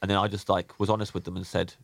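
A man's voice: sits low, little pitch movement, racing, vocal fry, no room sound. Chatty English man telling stories. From England. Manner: chatty, storytelling, laughs often. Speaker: podcast co-host. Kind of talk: casual chat.

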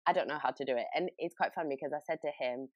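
A woman's voice: low-pitched, fast, no echo. A woman with a British accent, a podcast host telling a story in casual chat, laughing often. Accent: British English.

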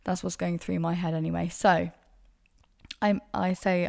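Woman podcast host, young, low voice with lots of fry, frank and sweary storytelling. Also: little pitch movement, brisk, long pauses, darkish tone. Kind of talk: casual solo storytelling.

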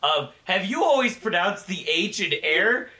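Guy laughing a lot at a tabletop game, kinda high lively voice, echoey room away from the mic. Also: measured pace, distant mic. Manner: laughs often, swears, excitable. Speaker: player. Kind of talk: casual tabletop game chat.

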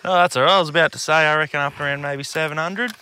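An Australian man co-hosting a fishing podcast from a boat, easygoing, quick to laugh and cheer each catch. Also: fairly high pitch, noisy background. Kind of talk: casual banter while fishing. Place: outdoors on a boat on a river.

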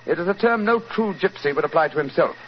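Guy doing a smooth know-it-all victorian detective, voice rises and falls a lot, muffled hissy old radio. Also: fairly high pitch, expressive, close to an everyday voice. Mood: assured. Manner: crisp, unhurried, coolly amused. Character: calm, brilliant Victorian male detective. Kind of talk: 1940s radio acting. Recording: dull, faintly hissy 1940s radio broadcast.

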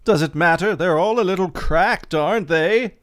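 A man's voice: high-pitched, normal speed, a bit bright, voice pushed up. A man putting on a snooty British husband. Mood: dismissive. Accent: put-on British. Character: stuffy skeptical middle-aged husband John.

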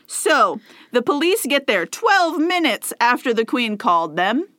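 A woman's voice: on the high side, very animated, a little slow, fairly bright tone, no echo. A woman in her late twenties, co-hosting a podcast and telling a history story in a chatty, casual way. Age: 20s. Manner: chatty storyteller, acts out quotes. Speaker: podcast co-host.

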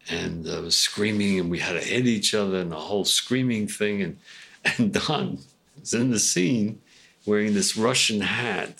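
An older male actor telling casual anecdotes in a rambling, animated way, full of restarts. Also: lowish voice, gravelly. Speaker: actor guest.

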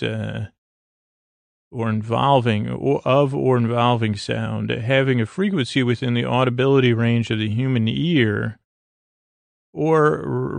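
A man hosting a bedtime podcast, recapping an episode in a rambling, halting way with many fillers and restarts. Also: mid-range voice, gravelly, dry recording. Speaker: podcast host.

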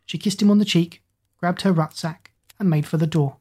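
A woman narrates a story in an even, measured reading voice. Her pitch sits on the low side, and her delivery stays steady from line to line. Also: breathy edge.

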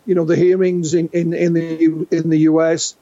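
A guest UFO researcher from England, a man in his sixties with a voice high for a man, recounts witness stories in a lively but halting way, repeating words as he restarts. The interview audio is dull, lo-fi, and very dry with no room around it.

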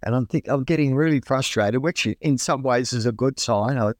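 A man's voice: mid-range voice, brisk, no room sound. A middle-aged Australian man recalls his experiences in a chatty, colloquial manner, now and then acting out what he said back then. His voice sits in an ordinary middle range. It is recorded dry, with almost no room sound. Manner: chatty, relaxed, colloquial, acts out his own exclamations. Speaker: guest. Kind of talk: casual storytelling.

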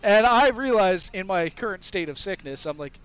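A man's voice: high voice, animated, normal speed, highs cut off, noisy background. A man telling a crude story in a casual podcast chat, laughing between lines. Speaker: podcast guest.

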